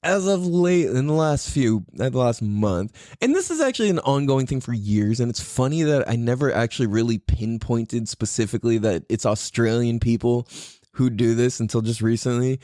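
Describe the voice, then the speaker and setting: Rambling, animated solo podcast man. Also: medium pitch, moderate pace, no echo, studio quality. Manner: rambling, swearing, laughs often. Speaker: podcast host.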